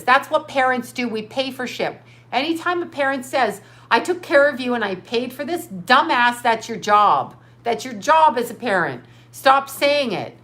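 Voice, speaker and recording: Middle-aged lady psychic ranting on her livestream, swears a lot, goes off on tangents, kinda high voice. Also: fairly bright tone. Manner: rambling, profane outbursts. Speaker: livestream host. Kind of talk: casual livestream chat reading viewer comments.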